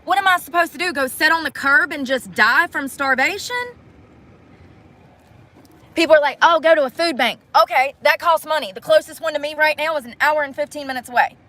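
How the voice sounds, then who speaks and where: A woman's voice: high-pitched, fairly quick, pushed and bright. A woman chatting casually on a phone livestream, blunt and profane as she vents to her viewers.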